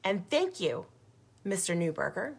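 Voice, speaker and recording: A lowish, gravelly, slightly rough voice carries this woman's very animated update, delivered a little slowly. She leads a grassroots group and is speaking to its followers on video with passion and indignation, emphatic and repeating herself.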